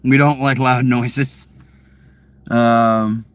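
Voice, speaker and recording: A man's voice: medium pitch, flat delivery, very slow, no room sound. A man vlogging from his car, telling a casual story in a rambling, profane way full of fillers and restarts.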